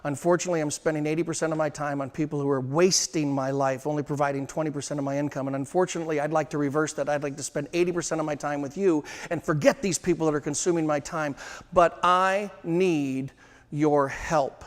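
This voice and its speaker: A man giving a sales training seminar to a live room, emphatic and slowing down to drive home his points. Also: a little high, steady tone, darkish tone. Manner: emphatic, slows down to stress points. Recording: long hall reverb.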